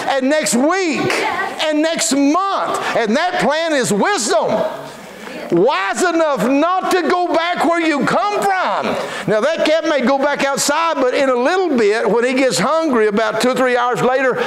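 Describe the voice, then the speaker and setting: A pastor preaching in a folksy, fervent way. His voice is notably high for a man. The sermon rings through a roomy church hall. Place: church sanctuary. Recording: echoey church room.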